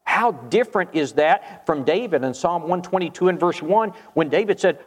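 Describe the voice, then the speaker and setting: A man's voice: fairly high pitch, animated, moderate pace, hardly any pauses, in a large hall. A man preaching a sermon in an earnest, emphatic way, reading scripture aloud and addressing the congregation.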